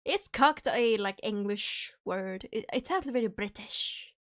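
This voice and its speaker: A woman's voice: mid-range voice, animated, unhurried. A young woman streamer chatting casually and jokingly while chewing candy, rambling through her thoughts. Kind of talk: casual livestream chat.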